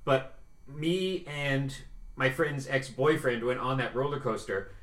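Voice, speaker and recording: A man's voice: medium pitch, takes it slowly, fairly bright tone. A man from Canada co-hosting a podcast, chatting casually and telling wry stories. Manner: wry anecdotes, laughs along. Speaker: podcast co-host. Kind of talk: casual chat, storytelling. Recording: echoey room with faint noise.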